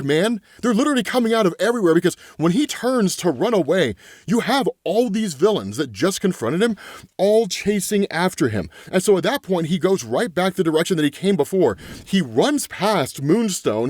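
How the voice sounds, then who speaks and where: An excitable man casually recapping a comic as host, packing his talk with "like" and "right?" and laughing as he goes. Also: a little high, normal speed, no room sound, studio quality. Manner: excitable, filler-heavy, lots of "right?" and "like"; laughs often mid-sentence.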